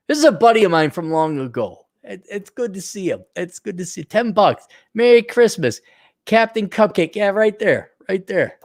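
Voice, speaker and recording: A middle-aged man talks on a casual livestream, rambling from one remark to the next. His pitch swings widely as he mocks, teases and jumps into loud put-on voices. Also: very animated, moderate pace, no echo, clean studio sound. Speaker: livestream host.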